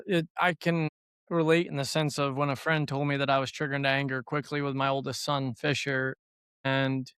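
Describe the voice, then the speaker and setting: A man's voice: mid-range voice, fairly bright tone, clean tone, dry recording, clean studio sound. A middle-aged man hosting a faith-based conversation, telling stories in an earnest, reflective way. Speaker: podcast host.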